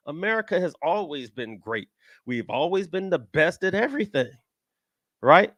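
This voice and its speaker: An American man hosting a casual stock market chat show, talking emphatically, repeating himself and jumping into high-pitched outbursts. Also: very animated, moderate pace, fairly bright tone, no room sound. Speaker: stock trading show host. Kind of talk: casual live-stream talk.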